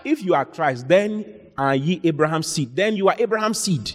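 Male preacher, higher-pitched, swings his voice up and down as he exhorts the congregation, long hall reverb. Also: expressive, normal speed. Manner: exhorting, calls out to the congregation, reads scripture aloud. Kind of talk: sermon with Bible readings.

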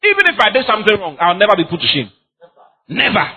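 A man's voice: high-pitched, huge pitch swings, quick pace, bright, forceful tone. A man preaching a sermon as pastor, emphatic and repetitive, often laughing as he speaks.

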